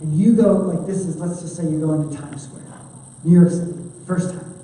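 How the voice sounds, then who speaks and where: A woman giving an animated conference training talk to children's ministry volunteers, chatty and full of fillers. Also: on the low side, brisk. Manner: chatty, animated, many fillers, acts out quotes. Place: large church hall. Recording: echoey hall from far off.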